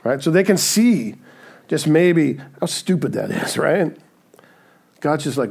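A man's voice: on the high side, expressive, a little slow, gravelly, a little mellow, slightly rough. A man preaching a sermon in a conversational way, often asking "right?" and acting out the voices he quotes. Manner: acts out quoted voices in asides. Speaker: pastor.

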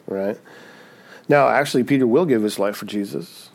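A man's voice: medium pitch, lively intonation, a little fast, gravelly. A man preaching a sermon, often asking "right?" and acting out the people he quotes. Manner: acts out quoted voices, frequent "right?". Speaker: pastor.

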